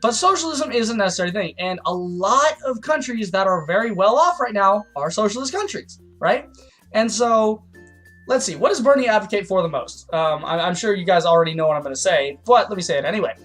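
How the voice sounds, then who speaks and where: A man's voice: sits high, expressive, fairly quick, fairly bright tone. Man, political vlog rant, profane, heated, restarts, faint background music. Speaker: political commentary vlogger. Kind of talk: ranting political commentary.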